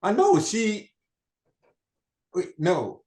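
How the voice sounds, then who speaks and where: A man playing a baffled old friend, slow-spoken. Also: high-pitched, wildly swooping pitch, a little mellow, heavily acted. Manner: puzzled short replies, dry bewilderment. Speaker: acting student. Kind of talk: online stage scene acting. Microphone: video call. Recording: echoey room.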